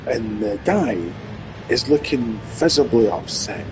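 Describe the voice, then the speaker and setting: A man streaming live, rambling and swearing through an animated monologue. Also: medium pitch, unhurried, background noise.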